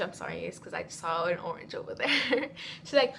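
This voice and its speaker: A woman's voice: medium pitch, fast, creaky, a little hiss or hum. A teenage girl telling a school drama story as a casual vlog, acting out what everyone said. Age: teens. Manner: animated, reenacting quotes. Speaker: vlogger.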